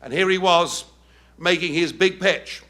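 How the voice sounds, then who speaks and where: A middle-aged man with an English accent giving a rousing, emphatic speech to a live audience in a packed event hall, with pointed pauses. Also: sits high, a bit bright. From England. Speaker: political speaker.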